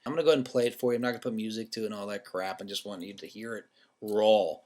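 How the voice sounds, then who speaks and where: A man's voice: fairly low pitch, steady tone, very fast, a little mellow. A man vlogging casually to his viewers, candid and loose, telling a personal story with the odd swear word.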